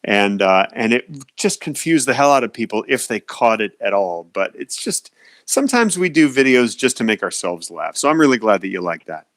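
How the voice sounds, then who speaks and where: A man's voice: fairly low pitch, very animated, moderate pace. Man, call-in radio host, casual, jokey, cell phone mic, home office. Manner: easygoing, jokey, chuckles often.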